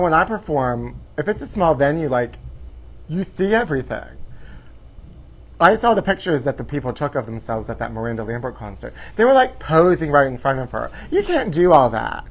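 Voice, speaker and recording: A man hosting a live show from his apartment, chatty and theatrical, sprinkling "honey" through his campy gossip. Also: fairly high pitch. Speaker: host.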